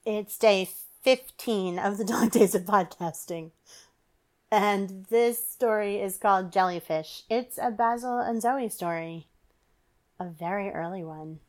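Female storyteller, mid pitch, unhurried podcast reading. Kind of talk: reading a short story aloud.

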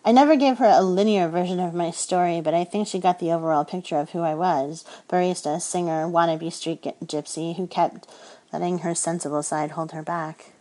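A woman narrating a first-person romance audiobook in a soft, intimate storytelling manner. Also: fairly low pitch, fairly even intonation, brisk, poor audio.

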